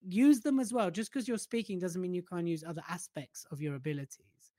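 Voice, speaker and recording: A man co-hosting a casual chat about public speaking, relaxed and playfully teasing. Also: sits high, fairly quick, dry recording, studio quality. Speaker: podcast co-host.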